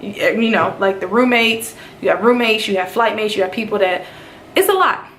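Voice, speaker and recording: A woman from North Carolina shares her experience in a casual vlog, speaking at a middle pitch. She retells events in an animated way and jumps into voices when she quotes others. The room adds a noticeable echo, with faint noise underneath. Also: brisk. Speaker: nurse in officer training.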